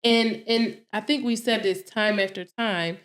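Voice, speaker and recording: A woman in her thirties co-hosting a casual podcast, telling stories in an animated way, acting out her own quotes and laughing often. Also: medium pitch, unhurried, reverberant. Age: 30s. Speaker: podcast co-host.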